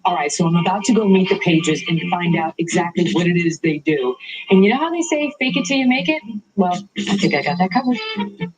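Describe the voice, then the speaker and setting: A woman's voice: on the low side, expressive, brisk, over music, poor audio. A woman hosting a talk show, touring a studio in a playful, self-mocking way and laughing often. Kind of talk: playful on-location TV segment. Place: TV studio and halls, touring on foot.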